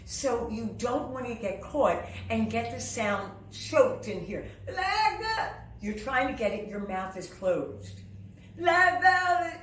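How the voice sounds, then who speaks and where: A woman vocal coach teaching a singing lesson, talking in a lively, demonstrative way and breaking into sung and shouted examples. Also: medium pitch, slight background noise. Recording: roomy sound, slightly distant from the mic.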